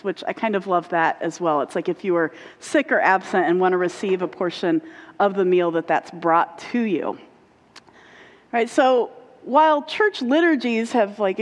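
Woman pastor in an echoing hall. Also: medium pitch. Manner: conversational, uses fillers like right and like. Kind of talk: sermon teaching. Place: church sanctuary. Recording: muffled sound with long hall reverb.

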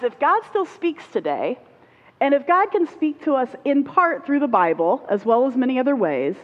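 A woman pastor giving a conversational sermon to her congregation. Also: on the high side. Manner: conversational, uses fillers like right and like. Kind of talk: sermon teaching. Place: church sanctuary. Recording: muffled sound with long hall reverb.

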